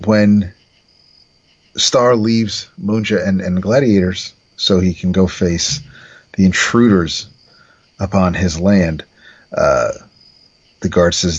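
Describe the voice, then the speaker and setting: Slow, low-voiced man recapping comics. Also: steady tone, breathy edge, highs cut off. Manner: halting, many fillers and restarts while summarizing. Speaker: podcast co-host recapping a comic. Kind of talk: casual comic recap chat.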